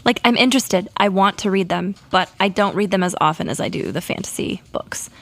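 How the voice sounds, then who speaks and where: A woman co-hosting a casual book podcast, talking in a relaxed, matter-of-fact way. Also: medium pitch, brisk, no room sound. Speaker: podcast co-host. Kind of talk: casual chat.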